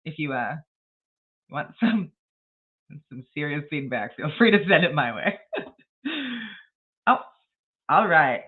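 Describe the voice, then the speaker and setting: A woman's voice: medium pitch, narrow, tinny audio. A woman hosting a casual writing livestream, chatting bluntly and rambling with frequent laughs. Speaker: livestream host.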